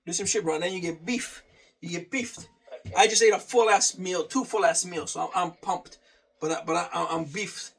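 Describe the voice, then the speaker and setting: High-voiced man repeating himself. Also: moderate pace, creaky, fairly bright tone, husky, recorded from a distance. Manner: repeats phrases, swears casually. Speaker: vlogger. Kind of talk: casual workout vlog.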